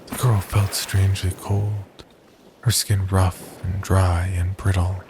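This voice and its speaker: A man narrating a horror story in a measured, scripted storytelling manner. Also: sits low, little pitch movement, background noise.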